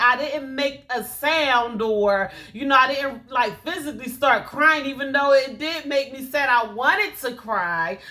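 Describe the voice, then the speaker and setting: A woman gives a casual motivational talk, telling stories and throwing in lively quoted asides. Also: high voice. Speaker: host.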